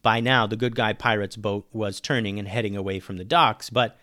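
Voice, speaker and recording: A man reading a children's adventure story aloud, lively, dropping low and quiet on the narration tags. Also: moderate pace, dry recording, clean studio sound.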